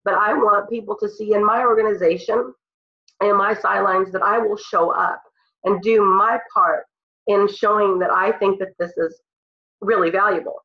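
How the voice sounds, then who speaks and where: A woman's voice: medium pitch, fairly even intonation, moderate pace. A woman with a cold, leading her team on a call in an earnest, emotional, motivational way. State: congested from a cold. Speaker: team leader speaking on a call. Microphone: phone or computer on a call. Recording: roomy, dull lo-fi call audio.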